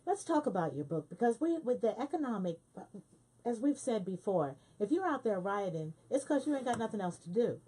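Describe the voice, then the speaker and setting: A woman hosting a radio show, affirming her guest with quick interjections. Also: a little high, big pitch swings, mellow, slightly rough. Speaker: radio host. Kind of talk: casual radio interview talk. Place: radio studio.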